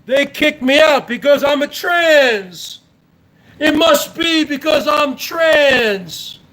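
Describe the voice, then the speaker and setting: A man's voice: very high voice, animated, takes it slowly, pushed and bright, voice pushed up, full character voice. A man mocking a wailing, self-pitying drunk streamer. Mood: whining. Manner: wailing, repetitive complaining.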